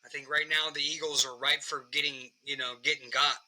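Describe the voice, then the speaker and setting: Bright, profane sports podcast host. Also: male voice, a little high, a little fast, low-quality recording. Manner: profane, animated football picks. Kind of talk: casual sports podcast banter.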